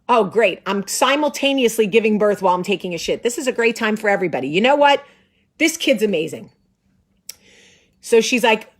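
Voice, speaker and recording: A woman in her forties, the host, telling a story in a lively, sarcastic way and acting out the voices of the people in it. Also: medium pitch, brisk. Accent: New Jersey. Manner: animated, sarcastic, acts out voices. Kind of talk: casual storytelling.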